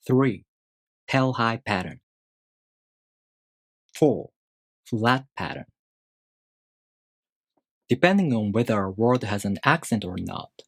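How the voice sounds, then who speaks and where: A man teaching a language lesson, explaining rules step by step in a measured, scripted way. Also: fairly low pitch, no room sound, studio quality.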